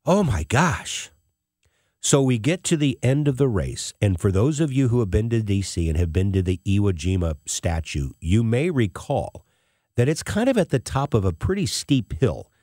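A man's voice: fairly low pitch, big pitch swings, normal speed, a little mellow, no room sound, studio quality. A middle-aged man hosting a show, telling a personal story in an emotional, tearful way. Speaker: host.

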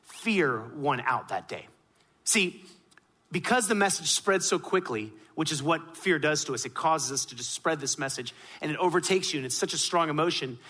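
A man preaching a sermon emphatically, rising to loud peaks and dropping to hushed lines. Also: on the high side, animated, normal speed.

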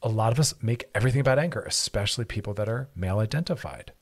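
A man with a husky, slightly low voice hosts an advice talk show. He teaches in an earnest, emphatic way and circles back to his key phrases for weight. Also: animated, very fast. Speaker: show host giving relationship advice.

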